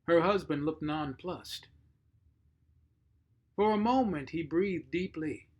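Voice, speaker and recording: A man reading a short story aloud, measured and expressive. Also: on the high side. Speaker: narrator.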